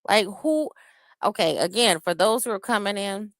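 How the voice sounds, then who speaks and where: A woman hosts a casual live-stream reaction in a mid-pitched, everyday voice. She is blunt and profane and greets viewers between remarks. The sound is dry and close. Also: animated, moderate pace, fairly bright tone, dry recording. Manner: blunt, cussing, greets chat viewers by name.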